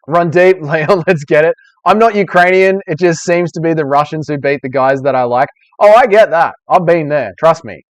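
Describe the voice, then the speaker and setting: A man's voice: mid-range voice, no room sound, lo-fi sound. A young Australian man hosting a casual live stream, reading viewer comments and bantering with joking, profane humor.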